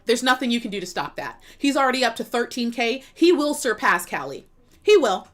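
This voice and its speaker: A woman's voice: a little high, sing-song, a little fast, fairly bright tone. A young woman streamer giving a sassy, emphatic commentary rant in a casual tone. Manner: sassy, emphatic, laughs and repeats herself.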